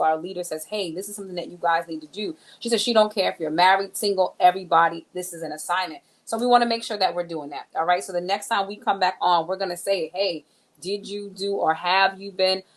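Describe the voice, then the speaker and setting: Woman co-host, slightly low voice, casual and upbeat church-recap chat aimed at viewers. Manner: chatty, upbeat, addresses viewers directly with "right?" and "all right"; nerdy, enthusiastic about books. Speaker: church leader co-hosting a sermon recap.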